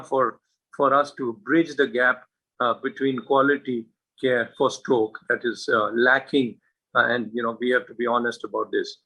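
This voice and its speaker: A man giving an earnest medical talk to colleagues, stressing points with many pauses and fillers. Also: medium pitch, pushed and bright, rough recording. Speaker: stroke specialist speaker.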